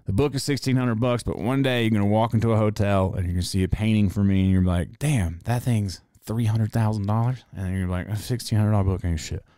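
A man who runs a tattoo shop, hosting a casual monologue and telling a story in a profane, animated way. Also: fairly low pitch, fast talker, hardly any pauses, no echo, studio quality. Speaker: podcast host.

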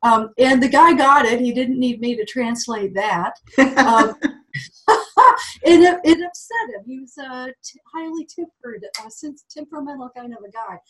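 A woman's voice: high voice, moderate pace, a bit bright. A woman guest who talks with animals, telling a story in a chatty way with frequent "um" fillers. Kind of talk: anecdotal storytelling in an interview.

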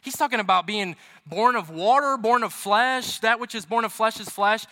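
A man's voice: sits high, normal speed, bright, forceful tone. A man preaching a sermon as pastor, chatty and storytelling, with emphatic repetition. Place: church. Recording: reverberant hall.

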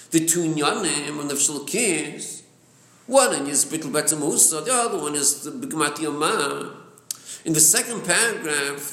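A man teaching a Chassidic text class, explaining with many repeated words and Hebrew terms mixed in. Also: on the high side. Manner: lively, repeats words, mixes Hebrew and Yiddish terms into English. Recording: echoey room.

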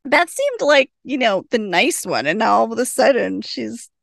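A woman's voice: a little high, very animated, normal speed, gravelly, no echo. Woman podcast co-host, chatty recap delivery, laughs easily, dry close sound. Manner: chatty, laughs often, quotes characters. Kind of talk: casual TV episode recap.

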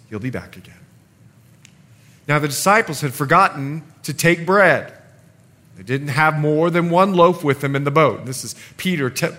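A middle-aged man delivers a lively sermon, shifting from loud stretches to quiet ones and voicing the characters in the scripture. His pitch is medium, with a little background noise.

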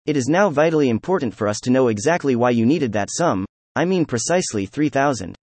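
A stern male prosecutor, read by a man, formal and measured, in a mid-range voice. The sound is dry and close-miked. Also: mid-range voice, expressive, darkish tone, dry recording.

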